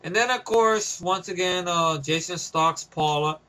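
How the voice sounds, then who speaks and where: A man's voice: high voice, a little slow, pushed and bright. A man giving a casual, loose movie review, swearing freely and chuckling often.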